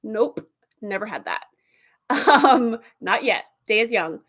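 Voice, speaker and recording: A woman's voice: on the high side, slow pace. A woman casually and animatedly retelling TV episodes as a reviewer, with lots of fillers. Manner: animated, chatty, with fillers and laughs.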